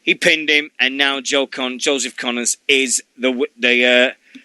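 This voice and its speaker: A man's voice: mid-range voice, fairly even intonation, unhurried, pushed and bright, clear, resonant tone, no echo. A middle-aged man hosting a wrestling radio show, rambling and jokey in casual chat, swearing freely.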